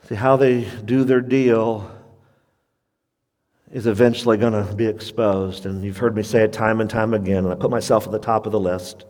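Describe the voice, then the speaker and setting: Male pastor, radio sermon, animated with sharp high-pitched peaks, reverberant sanctuary sound. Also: normal speed. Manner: animated preaching, sudden high-pitched emphasis.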